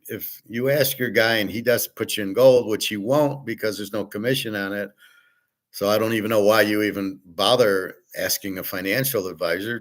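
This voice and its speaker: A man hosting a casual opinion monologue, blunt and profane, arguing with rhetorical questions. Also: fairly low pitch. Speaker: host.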